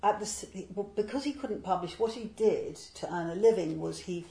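A woman, a literary translator, explaining a poet's life in a digressive way and reading verse slowly and deliberately. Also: medium pitch, gravelly, warm tone, echoey room, poor audio. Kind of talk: talk on poetry with a verse reading.

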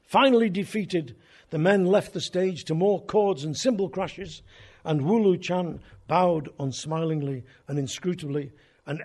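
Older man spinning yarns, high voice. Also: darkish tone, husky. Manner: wry, conversational, drifting tangents. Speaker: folk radio host and storyteller. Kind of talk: anecdotal storytelling.

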